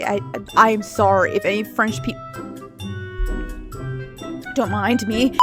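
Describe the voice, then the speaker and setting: A young woman commenting on a game and reading its letters aloud, breaking into loud excited exclamations. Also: mid-range voice, measured pace, pauses often, music in the background. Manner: animated, bursts into loud excited exclamations and laughs. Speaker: gaming youtuber.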